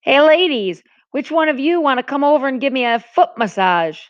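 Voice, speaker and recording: A woman's voice: sits high, big pitch swings, moderate pace, pitched above the performer's own voice. A woman reading aloud and voicing a spoiled, boastful, sarcastic rich teenage boy in a storybook, over a dull lo-fi recording.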